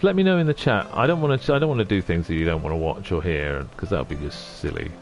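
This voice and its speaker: A middle-aged man chatting on a livestream, soft-spoken and halting, often moved. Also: deep voice, expressive. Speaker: streamer. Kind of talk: casual livestream chat.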